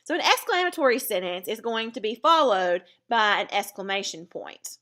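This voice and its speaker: Woman teacher with a bright clear voice, walking through grammar one step at a time. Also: on the high side, very animated, moderate pace, hardly any pauses. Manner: step-by-step explaining. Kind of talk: recorded grammar lesson.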